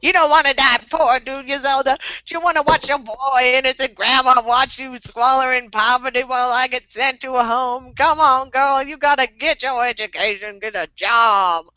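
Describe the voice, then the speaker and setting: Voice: high voice, normal speed, hardly any pauses, sharp tone, smooth, no room sound. Someone putting on a nagging old grandma. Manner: scolding, interrogating. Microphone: video call. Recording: dull lo-fi sound.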